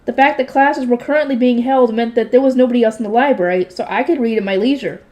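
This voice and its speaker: A woman's voice: a little high, fast talker, a little mellow. A young woman reading a light novel aloud, lightly voicing the characters and breaking off for offhand slangy asides. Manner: reads character voices lightly, drops into offhand slangy commentary.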